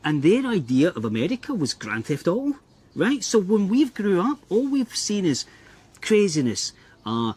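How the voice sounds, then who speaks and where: A man's voice: high-pitched, wildly swooping pitch, normal speed, a little mellow, breathy edge. A man from Europe chatting casually, earnest and emphatic, with a bit of swearing. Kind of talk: casual podcast chat.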